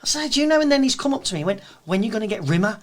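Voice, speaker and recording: A man with a Birmingham accent, a guest event promoter chatting casually and telling animated stories, acting out quotes. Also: sits high, racing. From England. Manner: animated storyteller, acts out quotes. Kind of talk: casual chat.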